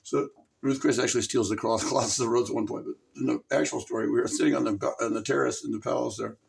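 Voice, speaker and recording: A man's voice: mid-range voice, steady tone, quick pace, creaky, a little hiss or hum. A man rambling comically while gaming, giggling a lot and swearing freely.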